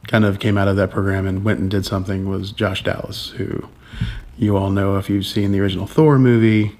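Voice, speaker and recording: Low-ish guy rambling on his home vlog, neutral accent, lots of ums, laughing here and there, talking low so the baby sleeps. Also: flat delivery, brisk, a little mellow. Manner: keeps voice down so as not to wake a baby. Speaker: vlog co-host. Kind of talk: casual chat at home. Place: home at night.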